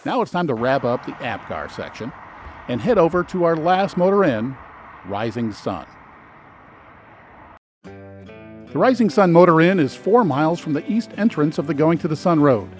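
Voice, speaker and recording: A man's voice: a little high, sing-song, moderate pace, pauses often, faint music behind. A man hosting a travel guide, giving scripted narration with dry, sarcastic asides.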